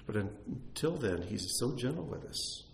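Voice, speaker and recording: A man teaching a congregation in an animated, conversational sermon, with self-deprecating asides. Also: mid-range voice, unhurried, creaky. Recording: echoey room, faint noise.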